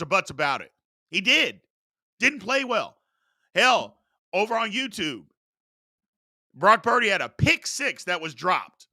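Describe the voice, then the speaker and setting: Man, sports talk host, bright cutting voice, dry close sound, blunt emphatic rant. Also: sits high, no echo. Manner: emphatic, repetitive, blunt and fired up.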